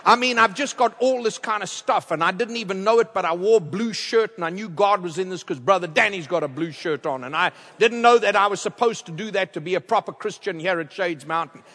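A man preaching a storytelling sermon as a guest speaker, wearing a headset mic and swinging from loud to hushed. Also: high voice, brisk, few pauses. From outside the United States. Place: large church. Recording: long reverb of a large church.

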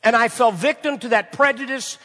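A man's voice: extremely high pitch, fairly quick, sharp tone. A man preaching a sermon to a congregation, asking rhetorical questions and repeating phrases for emphasis. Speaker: pastor. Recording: reverberant hall.

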